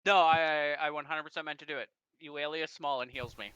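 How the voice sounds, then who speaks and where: A man's voice: a little high, steady tone, fairly quick, pushed and bright, smooth, no echo. A man playing a tabletop game, joking and confident about his moves. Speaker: player.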